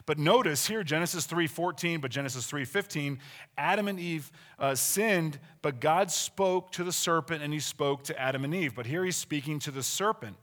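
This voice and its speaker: A man's voice: fairly high pitch, moderate pace, a bit bright. A middle-aged man preaching a sermon in a conversational, emphatic way, often asking his listeners questions.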